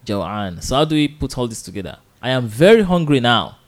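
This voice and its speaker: Ein Mann mit nigerianischem englischen Akzent unterrichtet live im Radio Arabisch. Er spricht geduldig, wiederholt Wörter langsam zum Nachsprechen und lacht zwischendurch leise. Eine ganz gewöhnliche Studiostimme in mittlerer Tonlage. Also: male voice, mid-range voice, big pitch swings. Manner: patient, repeats words slowly for drilling, chuckles often. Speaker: radio Arabic teacher and host. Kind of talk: live radio language lesson.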